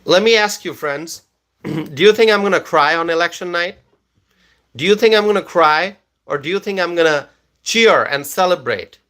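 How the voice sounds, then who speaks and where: A man hosting a casual live stream, tired after a long day, talking slowly and repeating himself as he reads viewer comments aloud. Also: on the high side, animated, fairly bright tone.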